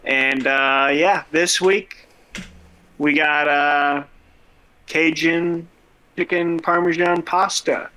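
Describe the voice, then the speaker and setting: A man's voice: on the high side, steady tone, extremely slow, long pauses, sharp tone, poor audio. A man from northern Montana co-hosting a podcast, chatting casually and playfully with lots of fillers. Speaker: podcast co-host. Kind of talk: casual chat.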